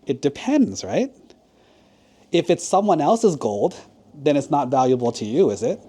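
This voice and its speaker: A monk telling a children's sermon story, asking the kids questions as he goes. His voice is mellow and dark-toned. He speaks with a lively, animated lilt. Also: on the high side, a little slow, slightly rough.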